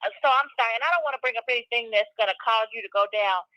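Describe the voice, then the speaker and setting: A woman's voice: on the high side, very fast, dry recording, dull audio. A woman teasing and questioning the host on a casual talk show.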